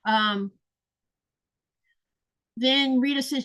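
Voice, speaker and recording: A woman's voice: mid-range voice, animated, slow pace, long pauses, fairly bright tone, poor audio. A woman from the States, hosting a casual livestream and chatting as she reads viewer comments aloud. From Southern United States. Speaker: host.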